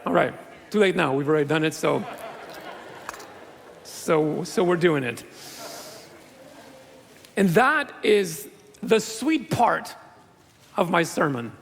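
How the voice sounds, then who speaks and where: A male pastor preaches to a graduating class, slipping in light jokes and asides to the crowd. His voice sits fairly high with a gravelly edge. It carries through the long, ringing reverb of a large church. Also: expressive, slow, pauses often, slight background noise. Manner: playful, joking asides to the audience. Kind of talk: sermon.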